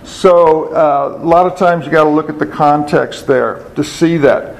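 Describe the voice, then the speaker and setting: Slow, high-voiced man teaching scripture. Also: creaky, low-quality recording. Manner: asks the audience questions and answers them himself; repeats key words for emphasis. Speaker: Bible teacher. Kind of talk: sermon.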